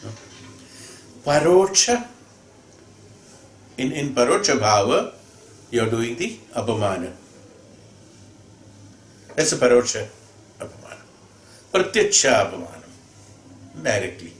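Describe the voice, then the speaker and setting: A spiritual teacher gives a discourse on scripture in a sing-song, mid-range voice at a measured pace with long pauses. He explains patiently, poses rhetorical questions and acts out quoted speakers, recorded in an echoey room with faint ambient noise.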